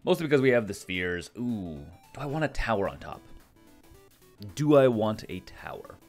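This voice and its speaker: A man's voice: lowish voice, big pitch swings, moderate pace, darkish tone, faint music behind. A man with a put-on Australian accent, chatting casually and thinking aloud as he comments on his own card game. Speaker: gameplay commentator.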